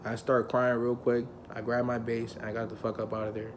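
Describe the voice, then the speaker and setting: A man's voice: medium pitch, a little fast, few pauses, a little hiss or hum. A young adult man telling a personal story in casual, slangy talk, swearing often and acting out the people he quotes. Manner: heavy profanity, slangy, loose and conversational; animated, acts out quoted people.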